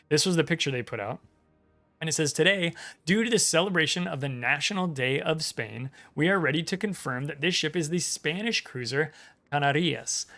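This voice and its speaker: A man's voice: a little high, fairly bright tone. A man hosting a casual gaming news stream, reading articles aloud and rambling with many fillers and restarts. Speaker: gaming channel host.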